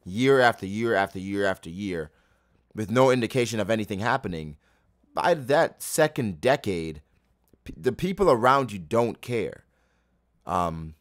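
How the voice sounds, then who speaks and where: A man hosting a live manga reaction, talking casually and profanely as he thinks aloud. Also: lowish voice.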